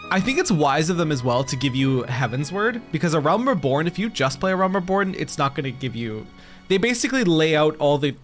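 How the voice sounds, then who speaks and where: A young man streaming a game, chatting casually, joking and reacting to his chat. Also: a little high.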